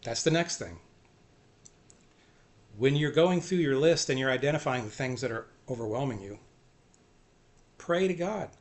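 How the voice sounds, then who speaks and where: A man giving an earnest, self-encouraging faith talk, repeating short phrases and often trailing off softly. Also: medium pitch, lively intonation, moderate pace, long pauses. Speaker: faith vlogger. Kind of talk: personal faith talk to camera.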